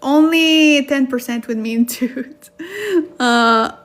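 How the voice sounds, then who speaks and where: Woman, livestream tutor, high bright voice, chatty and giggly, reading chat aloud. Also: slow pace, a little hiss or hum. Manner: chatty, laughs often, reads out viewer comments. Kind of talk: casual livestream lesson.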